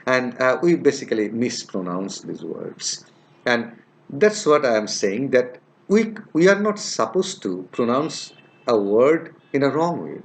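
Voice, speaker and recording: Give me a male lecturer who talks slowly and repeats each example sound. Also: mid-range voice, sing-song, gravelly. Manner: slow and repetitive, repeats example sounds and words many times; hesitant, many "uh" fillers. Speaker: linguistics teacher. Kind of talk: recorded lecture.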